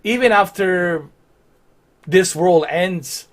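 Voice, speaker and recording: A man's voice: high voice, slow. A man chatting casually on a live game stream, rambling with lots of fillers and restarts.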